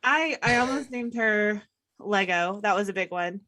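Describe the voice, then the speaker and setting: Lady cohosting a live stream, laughs a lot, dry sound, medium pitch. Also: measured pace, sharp tone, dry recording. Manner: chatty, jokey, laughs often. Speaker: podcast co-host. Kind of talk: casual live-stream chat.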